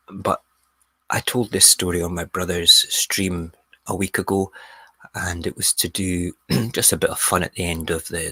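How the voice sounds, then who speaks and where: A man with a low, husky voice spins a yarn as a radio host, lively and full of little asides. His tone is bright and forceful, recorded dry and close on the mic. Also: dry recording. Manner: animated storyteller, mimics people. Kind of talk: casual storytelling. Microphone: close studio mic.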